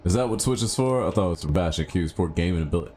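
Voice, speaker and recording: A man streaming a game live, chatting casually and thinking out loud, with sudden excited yelps. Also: sits low, racing, slight background noise. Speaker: gaming streamer. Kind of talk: casual live gameplay commentary.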